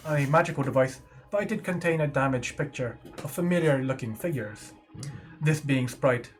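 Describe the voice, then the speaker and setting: A man with a somewhat high voice narrates a recap of the previous tabletop game session. He reads steadily from a script and corrects the odd slip along the way. Faint music plays under him. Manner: steady storytelling read with small self-corrections. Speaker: player reading the session recap.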